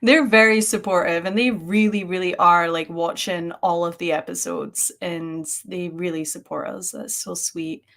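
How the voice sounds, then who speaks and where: A woman's voice: on the low side, fairly even intonation, normal speed, gravelly, hardly any pauses, fairly bright tone. A young woman co-hosting a paranormal show, chatting casually on a live stream with lots of "like" and laughing. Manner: chatty, heavy use of "like", frequent laughter.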